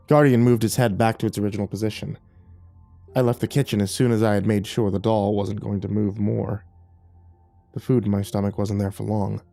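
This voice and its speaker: A man narrating a first-person horror story in a measured, tense way. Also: on the low side, dark tone, no echo.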